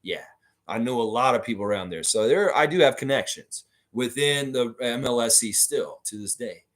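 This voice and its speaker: A man's voice: medium pitch, animated, moderate pace, fairly bright tone. A man hosting a fan livestream, chatting casually and answering viewer comments in a rambling way with lots of fillers.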